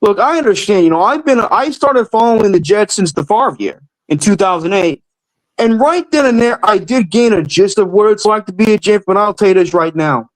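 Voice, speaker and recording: A man's voice: high voice, expressive, brisk, rough recording. A young man calling in to a sports show, talking in an emotional, rambling way and swearing now and then. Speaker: caller. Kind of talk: casual sports call-in rant.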